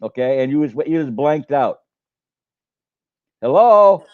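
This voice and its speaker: A man's voice: mid-range voice, fairly quick, clean tone, narrow, tinny audio. An older man who works as a coach, chatting on a live stream in a rambling way with many restarts. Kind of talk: casual live-stream chat.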